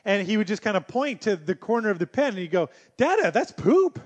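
Man, pastor, high-pitched voice, chatty sermon, funny anecdotes. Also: expressive, quick pace, highs cut off. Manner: conversational storytelling with humor.

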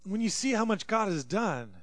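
A pastor with a fairly high voice for a man delivers a sermon like he is telling a story. He talks conversationally and keeps asking the listeners rhetorical questions. The sound is dry and close, with no room echo. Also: big pitch swings, normal speed, a bit bright.

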